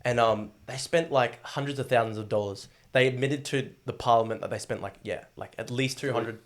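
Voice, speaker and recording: This guest is an Australian man in his twenties with a mid-range voice and a brisk pace. He relates his story casually and loosely, peppering it with fillers and curse words.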